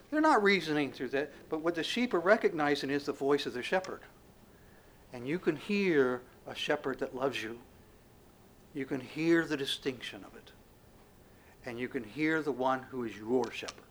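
A preacher delivering a sermon in a slightly high voice for a man. He swings between sudden loud outbursts and hushed, near-whispered lines. He keeps pressing his listeners with rhetorical questions. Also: animated, moderate pace.

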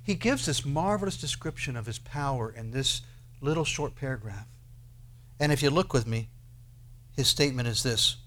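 A man preaching a sermon, who swings between loud declarations and quiet asides and asks his listeners many rhetorical questions. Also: medium pitch, animated, moderate pace. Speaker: pastor.

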